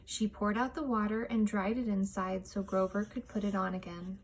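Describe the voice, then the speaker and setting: A woman reading a children's picture book aloud, expressive and measured. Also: medium pitch, background noise. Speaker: storytime reader.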